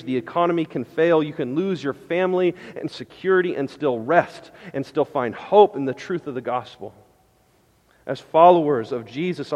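A man preaching a sermon as pastor, impassioned, moving from loud declarations to hushed pleading. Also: a little high, in a large hall, muffled recording. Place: church sanctuary.

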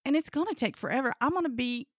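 A woman telling a frank comic personal story with a deadpan delivery. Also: high voice, fast, husky, no room sound, studio quality.

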